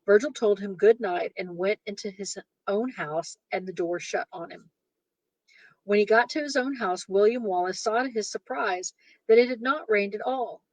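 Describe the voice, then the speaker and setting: A woman's voice: mid-range voice, normal speed, dry recording, poor audio. A woman reading a short story aloud, breaking off for amused asides. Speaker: reader.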